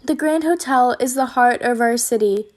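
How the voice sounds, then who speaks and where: A woman reading aloud, voicing a male mouse at the hotel entrance who speaks gravely and earnestly. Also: a little high, normal speed, lightly acted.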